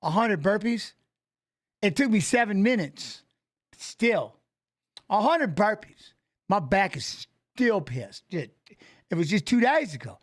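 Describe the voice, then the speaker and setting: A man's voice: sits high, very animated, slow pace, pauses often. A man in his forties hosting a livestream, chatting loosely and rambling as he greets his viewers. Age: 40s. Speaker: livestream host. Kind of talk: casual livestream chat.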